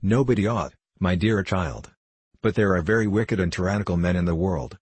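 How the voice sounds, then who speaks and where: A man's voice: sits low, normal speed, a little mellow, breathy edge, dry recording. A man reading the part of an anxious, motherly older housekeeper in an audiobook. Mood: worried. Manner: worried, cautioning.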